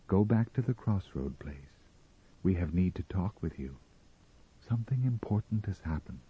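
A man voicing a frail, ghostly young Martian woman who speaks softly and earnestly, on a slightly muffled recording. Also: low voice, animated, moderate pace, slightly rough, heavily acted. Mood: calm pleading. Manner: soft, gentle and earnest.

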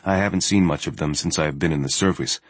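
A man reading a first-person journal story in a steady, matter-of-fact way. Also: rumbling low, fast, no room sound. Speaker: audiobook narrator.

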